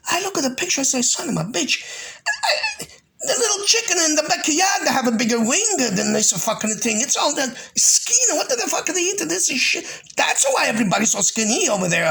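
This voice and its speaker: A rambling old immigrant father in a comic mock ad. The voice is high and gravelly, with broken English. The pitch swoops wildly and the tone is bright. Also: exaggerated voice. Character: gruff older Italian immigrant dad, rambling and crude.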